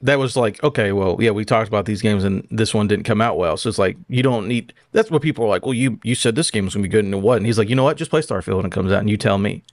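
A man's voice: fairly low pitch, quick pace, hardly any pauses, no echo, studio quality. A man co-hosting a podcast, rambling casually and acting out quotes. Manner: rambling, acts out quotes, says "like" often. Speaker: podcast co-host. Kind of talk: casual chat.

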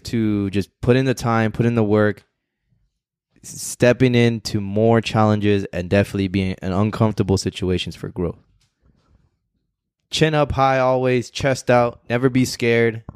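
A young man chatting casually as podcast co-host, slangy and animated, swearing freely. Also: on the low side, clean tone, no room sound, clean studio sound. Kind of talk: casual chat.

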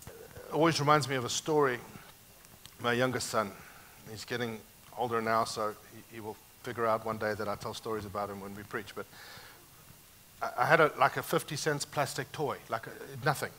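Bright-voiced man preaching with animated swings. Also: medium pitch, moderate pace, a little hiss or hum. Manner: animated, emphatic preaching with sharp swings between loud and quiet. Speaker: pastor. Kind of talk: sermon.

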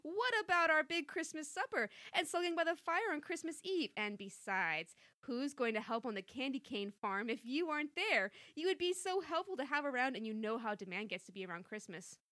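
A woman's voice: high-pitched, fairly quick, few pauses, no room sound, studio quality. A woman co-hosting a comedy podcast, reading a story aloud with playful emphasis and chatting between passages. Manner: reads dialogue with lively, playful emphasis. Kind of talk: comedic read-aloud with commentary.

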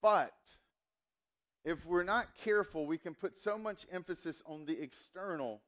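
A pastor in his forties, from the American South, gives a sermon in a loose, joking manner. His voice sits a bit high for a man, and his talk is full of ums and asides. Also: moderate pace, fairly bright tone. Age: 40s. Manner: casual and joking, with many fillers.

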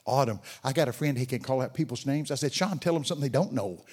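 An older man guest-preaches a sermon in an animated, fast, medium-pitched voice that's a little mellow with a breathy edge. He weaves in stories and chats with people in the audience.

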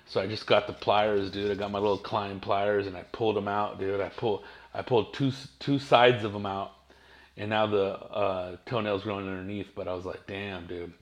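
A man's voice: lowish voice, little pitch movement, moderate pace. A man, hosting his own podcast and telling rambling, profane stories in casual slang. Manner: profane, slangy, laid-back storytelling. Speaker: podcast host.

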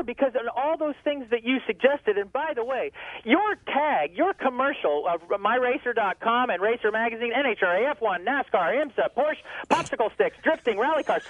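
A man's voice: very high voice, fairly bright tone. A man calling in to a motorsports radio show, talking emphatically and repeating himself. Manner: emphatic, repeats phrases, talks fast and loose. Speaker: drag racing guest on phone. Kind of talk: casual radio phone interview. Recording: tinny phone line.

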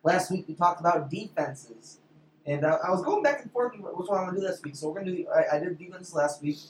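A man co-hosting a sports podcast, speaking in a measured way with dry teasing. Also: high voice, animated. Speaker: podcast co-host. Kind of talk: casual sports chat. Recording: roomy with faint noise.

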